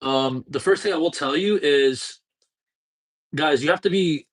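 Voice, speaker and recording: A man in his thirties, a dating coach, answering chat questions on a live stream in a casual, profane, high-energy way. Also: measured pace. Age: 30s.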